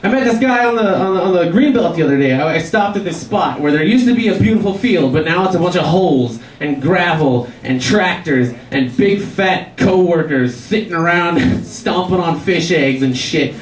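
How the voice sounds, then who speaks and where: Stand-up comic, male, profane ranting delivery, somewhat high voice, taped from the back of an echoey club. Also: animated, moderate pace, hardly any pauses. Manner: profane, ranting, laughs at his own jokes. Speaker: stand-up comedian. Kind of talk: stand-up set at an open mic. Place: bar or club open mic night. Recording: echoey room recorded from far off.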